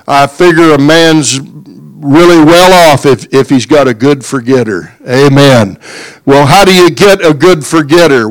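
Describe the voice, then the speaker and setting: A man's voice: on the high side, smooth, poor audio. A man preaching a sermon to his congregation, telling a story and then exhorting with frequent amens. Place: church.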